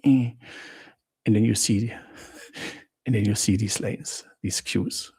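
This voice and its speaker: A man's voice: lowish voice, steady tone, slow pace, mellow, slightly rough. A man hosting a travel live stream, chatting with viewers in simple non-native English, greeting them by name and laughing often. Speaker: travel channel host.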